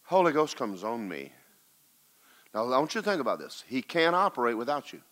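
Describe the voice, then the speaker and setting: Very animated and brisk, with a medium-pitched voice, this man preaches as a pastor and shares a personal story. His delivery alternates between loud, urgent exhortation and soft, hushed recounting.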